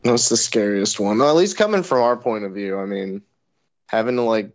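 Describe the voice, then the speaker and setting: A man's voice: on the low side, expressive, normal speed, no echo. A young man in casual chat, laid-back, reacting with swear words. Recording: dull dry lo-fi sound.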